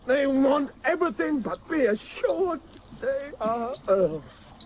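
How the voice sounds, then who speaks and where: A man's voice: very high voice, lively intonation, takes it slowly, slight background noise, heavily acted. An actor playing a furious, outspoken cavalry captain who rants bitterly against his commanders in a radio drama. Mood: scornful. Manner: bitter, ranting, scornful.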